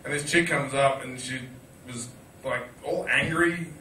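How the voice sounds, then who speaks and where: A man's voice: mid-range voice, unhurried, sharp tone, roomy sound, far from the mic, a little hiss or hum. A man hosting a chat show, joking crudely and swearing in casual banter.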